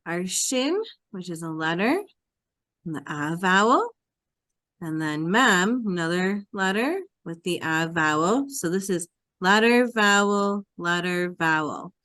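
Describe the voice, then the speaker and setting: A woman's voice: fairly low pitch, a bit bright, no room sound, clean studio sound. A woman who teaches Hebrew, explaining a reading lesson step by step in a patient, repetitive classroom manner.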